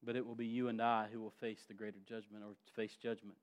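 A male pastor preaching a sermon, dropping quiet and then rising loud and emphatic. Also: lowish voice, flat delivery, fast.

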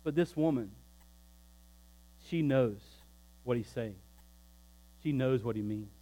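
A pastor preaching a sermon, emphatic and shifting between loud preaching and quiet, low asides. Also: male voice, slow, rough recording.

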